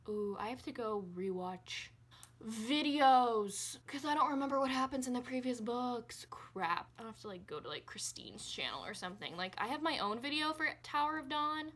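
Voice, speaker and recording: Young woman, giddy book vlogger, bright and slightly high-pitched, chatting to camera at home. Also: husky. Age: young adult. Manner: giddy, gushing, talks with laughs and repeats. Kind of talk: casual vlog chat. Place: apartment room, indoors.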